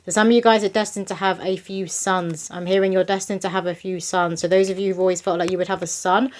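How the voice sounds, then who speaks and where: Young female medium, casual reading voice, breezy, mid pitch. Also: level tone, quick pace, slight background noise. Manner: chatty, breezy, spiritual, with bursts of quoted voices. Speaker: psychic medium. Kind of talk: casual tarot-style reading to camera.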